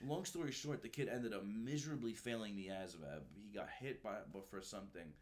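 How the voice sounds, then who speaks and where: A man telling stories from his time as a recruiter in a relaxed, animated way, peppered with slang and swearing. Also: on the low side, brisk. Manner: animated, swears freely, says "dude" and "bro" often. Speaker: guest, former Marine recruiter. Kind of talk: casual storytelling.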